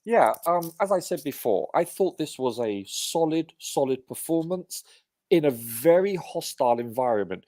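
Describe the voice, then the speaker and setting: A man's voice: fairly high pitch, animated, moderate pace, warm tone, no room sound. A man on a live football review panel giving earnest, emphatic opinions, often hedging with "you know". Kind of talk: casual live match review.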